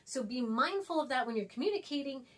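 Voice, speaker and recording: Woman, teacher, casual lesson, chatty, acts out example texts, slightly high voice. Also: lively intonation, fast. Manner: writes on a board while talking.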